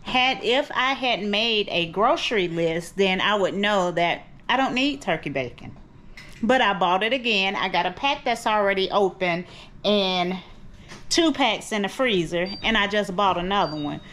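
A woman's voice: medium pitch, lively intonation, normal speed, fairly bright tone. A middle-aged woman vlogging in her kitchen at home, rambling and chatty, calling her viewers cousins. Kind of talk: casual chat to camera.

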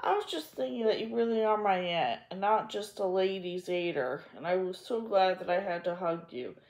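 A woman's voice: medium pitch, animated, moderate pace, darkish tone, lightly acted. A woman voicing a cheerful, eager young girl who gushes as she talks. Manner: bubbly, gushing. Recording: echoey room.

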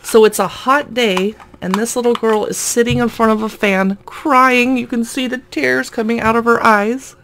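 A woman's voice: a little high, steady tone, normal speed, few pauses, a bit bright, a little hiss or hum. Chatty amused woman unboxing toys. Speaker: toy unboxing vlogger. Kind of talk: casual unboxing narration.

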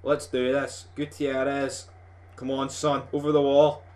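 A young Scottish man giving live, sweary gameplay commentary as a gaming video host, rowdy and excitable like a football fan. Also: medium pitch, a little slow.

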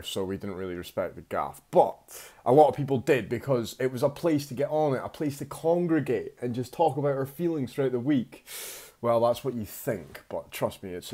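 A man's voice: medium pitch, warm tone. A young man casually telling a personal story, rambling and laid-back, with plenty of slang and swearing.

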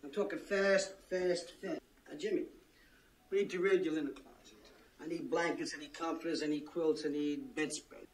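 An actor playing a brisk, commanding middle-aged fixer who gives curt orders. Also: male voice, a little high, steady tone, a little hiss or hum, lightly acted, rough recording.

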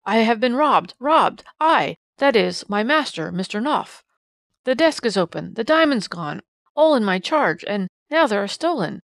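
A woman's voice: medium pitch, expressive, normal speed, gravelly, no room sound. A woman voicing a panicked male servant, blurting out jerky, frantic sentences in a storybook reading.

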